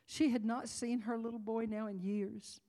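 A woman's voice: a little high, level tone, moderate pace, dark tone. A woman preaching at a conference, telling a story dramatically and near tears, dropping to whispers and rising to cries. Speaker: conference speaker. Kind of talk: sermon storytelling.

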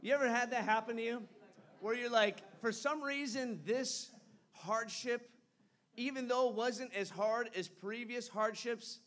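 High-voiced animated male preacher. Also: unhurried. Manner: animated storytelling, shifting from loud to hushed. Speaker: pastor. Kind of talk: sermon. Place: church.

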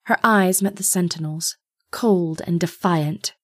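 A woman narrating a fantasy audiobook in a steady, even storytelling voice. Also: lowish voice, a little slow, dry recording, studio quality.

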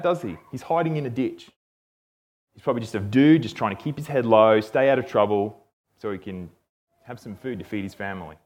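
A man teaching a Bible passage in a relaxed, conversational way, often checking in with "okay?". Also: on the high side, brisk. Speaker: preacher.

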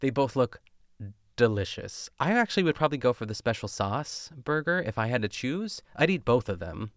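A man's voice: mid-range voice, very animated, normal speed, no echo, clean studio sound. A young man casually chatting and rambling as a podcast host, recapping a cooking show with lots of fillers and tangents. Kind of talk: casual chat.

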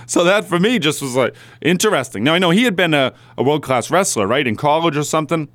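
A man's voice: a little high, animated, fast, hardly any pauses, fairly bright tone, no room sound. Opinionated male sports radio host. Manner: blunt and opinionated, chuckles mid-sentence. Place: radio studio.

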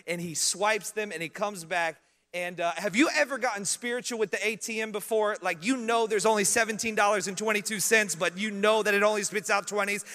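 Brief: high, bright young male pastor, comic storytelling sermon in a reverberant church hall. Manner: humorous, animated, laughs at his own stories.

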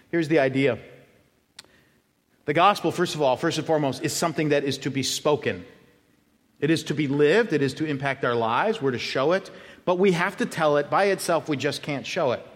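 A man preaching an expository sermon as pastor, emphatic and animated, with asides to his congregation. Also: medium pitch. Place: church sanctuary. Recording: church hall with long reverb.

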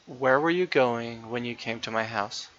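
A man voicing a kind, gentle country wife who speaks softly to a lost child. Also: mid-range voice, moderate pace, natural voice. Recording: dull, lo-fi dry recording.

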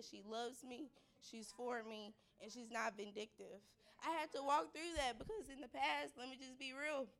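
A woman in her twenties telling a lively, animated personal testimony on a panel. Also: sits high. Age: 20s. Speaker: panel speaker.

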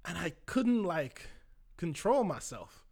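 A young man tells a story from his own life in a loose, conversational style. His voice sits a bit high for a man, and he often stops on filler words. He jumps into the voices of the people in his story as he tells it. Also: big pitch swings, slow pace, vocal fry, a little mellow. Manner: conversational, lots of "like" fillers, acts out quoted voices. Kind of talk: casual personal storytelling.

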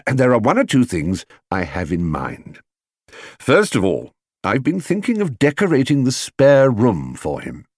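A man's voice: medium pitch, huge pitch swings, a little slow, slightly rough, no room sound, clean studio sound, pitched above the performer's own voice, heavily acted. A man voicing an earnest middle-aged father in an audiobook reading, a little vague and hasty in manner.

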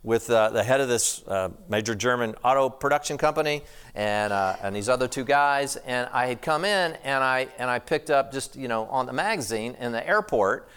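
Conversational middle-aged pastor preaching. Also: male voice, medium pitch, normal speed, clear, resonant tone. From United States. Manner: storytelling, conversational and animated. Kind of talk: sermon.

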